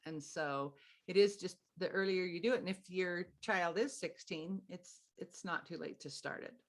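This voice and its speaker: A middle-aged woman giving parenting advice in casual conversation, animated and acting out what parents and kids say. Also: lowish voice, normal speed. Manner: animated, acts out parent and child lines in a sing-song voice. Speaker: parenting expert guest.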